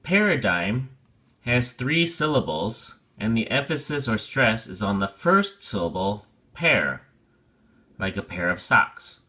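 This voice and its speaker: A man's voice: lowish voice, expressive, sharp tone. A man teaching a vocabulary lesson, patiently spelling out pronunciation and meaning with everyday examples. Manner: patient, explains slowly with examples.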